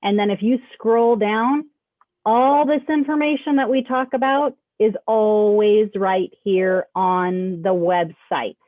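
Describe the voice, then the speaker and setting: A woman's voice: medium pitch, fairly even intonation, slow pace, no echo. Woman chatting over a tinny video call. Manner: friendly, chatty, walks through a website. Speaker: school staff host. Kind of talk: casual school announcement chat. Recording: dry, tinny phone-like call audio.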